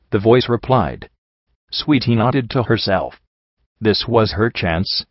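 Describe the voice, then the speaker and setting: A man reads a story aloud in a steady, even way, his voice on the low side. The recording is dry with no room sound, and the tone is somewhat dull and muffled. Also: measured pace, no room sound. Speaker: story reader. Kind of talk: narration of a fan story.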